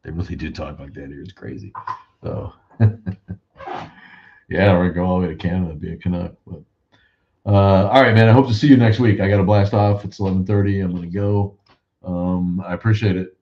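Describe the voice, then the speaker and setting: Deep voiced guy hosting a loose chat stream, swears a lot, cracks jokes, muffled lo-fi audio. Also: fairly even intonation, moderate pace, pauses often. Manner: joking, profane, rambling asides. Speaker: show host. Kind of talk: casual livestream chat.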